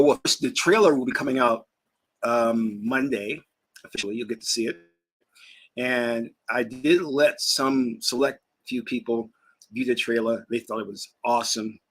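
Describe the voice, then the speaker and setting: Husky and medium in pitch, this man's voice carries a rambling, easygoing vlog chat on the channel he hosts as a spiritual teacher. He laughs while speaking and at times eats mid-conversation.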